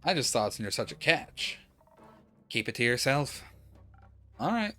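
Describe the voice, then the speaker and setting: Drowsy low-key game streamer. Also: expressive, normal speed, sharp tone. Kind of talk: casual let's-play commentary. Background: faint game music.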